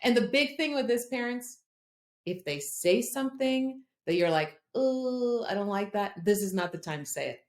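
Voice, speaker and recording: A middle-aged woman, a podcast guest, telling a personal story in an earnest, animated way and acting out the voices of other people. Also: on the high side, normal speed. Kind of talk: conversational storytelling. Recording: roomy echo.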